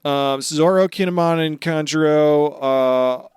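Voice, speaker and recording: A man co-hosting a podcast in casual chat, recapping anime episodes, swearing freely and putting on quick voices for the characters. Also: on the high side, darkish tone, smooth, no echo, studio quality. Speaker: podcast co-host.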